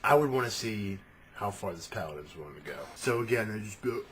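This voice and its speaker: Man, low voice, casual, rambling, swearing, animated. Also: brisk, a little hiss or hum. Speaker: tabletop game talker. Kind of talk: casual monologue.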